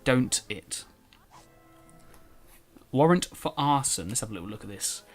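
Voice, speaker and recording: An excitable young man commenting over a video game, giggling and cooing, with his voice at an ordinary middle pitch. He shifts quickly between chatter and jokes. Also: faint music behind. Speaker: gamer. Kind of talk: let's play commentary.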